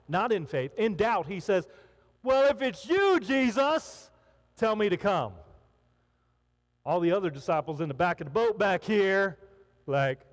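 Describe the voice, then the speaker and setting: A man preaching a sermon to a congregation in a hall, talking animatedly and acting out the voices of people in the story. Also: sits high. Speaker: pastor. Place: hall with an audience.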